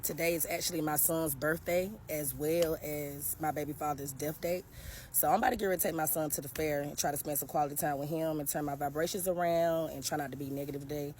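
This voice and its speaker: A woman's voice: low voice, a little hiss or hum. A woman telling a personal story straight to camera in a casual vlog, speaking earnestly and with feeling, often addressing the viewers directly. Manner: recounts events in a halting, emotional way. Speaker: vlogger telling her own story.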